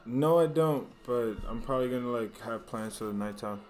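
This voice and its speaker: A man's voice: mid-range voice, normal speed, a little mellow. A young man guesting on a casual podcast, joking around in playful slang. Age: young adult. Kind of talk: casual chat.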